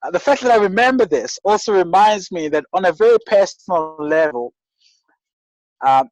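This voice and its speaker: Telling stories as an interview guest, this man from rural KwaZulu-Natal in South Africa is earnest and reflective, often restarting sentences and repeating words. He has a high, animated voice at a moderate pace; the recording is dry and the audio poor.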